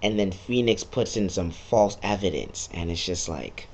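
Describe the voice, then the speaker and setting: A man's voice: low-pitched, lively intonation, moderate pace, slight background noise. A man giving a casual, sarcastic recap of a video game, swearing freely and slipping into quoted lines. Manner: sarcastic, profane, jumps into quoted voices.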